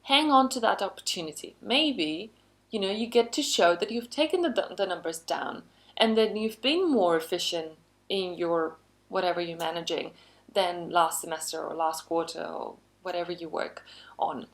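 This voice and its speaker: A woman's voice: lowish voice, moderate pace. A woman trainer giving an online lesson in a chatty, conversational way, with frequent asides and upbeat emphasis. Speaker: workplace skills trainer.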